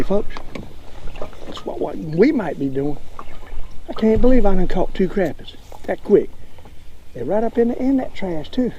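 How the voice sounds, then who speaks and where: An older man with a Southern accent, hosting a fishing show outdoors on a lake, talking in a folksy, drawling way and getting excited over each catch. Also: high-pitched, moderate pace, noisy background. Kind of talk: casual fishing commentary.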